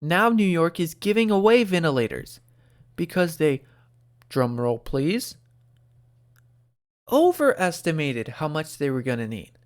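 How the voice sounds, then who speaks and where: A man hosting an opinionated commentary show, animated and sarcastic, talking close to the microphone. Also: fairly high pitch, normal speed. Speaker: host.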